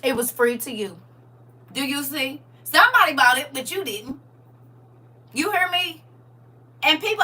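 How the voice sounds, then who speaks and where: A woman hosts a casual live chat, calling out viewers by name and preaching with playful swings between exclamations and near-whispers. Her voice is fairly high and cutting. She sits back a little from the microphone. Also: lively intonation, a little slow, long pauses, pushed and bright, recorded from a distance, slight background noise. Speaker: livestream host.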